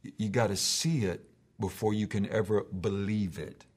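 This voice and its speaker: A man's voice: on the low side, steady tone, normal speed. A middle-aged man preaching a sermon as pastor in his church, emphatic, with repeated phrases that build to rising calls.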